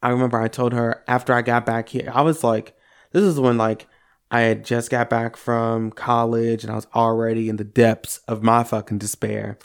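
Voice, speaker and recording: A young man co-hosting a podcast, telling personal stories in an animated, casual way with some swearing. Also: medium pitch, moderate pace, clean tone. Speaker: podcast co-host. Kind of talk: casual chat.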